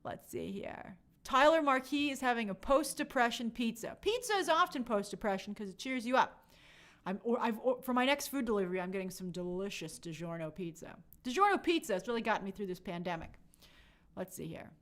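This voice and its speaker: A young woman hosting a casual live stream, reading viewer comments aloud and chatting in an animated way with many fillers. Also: fairly high pitch, brisk. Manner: chatty, animated, lots of fillers and quoted asides.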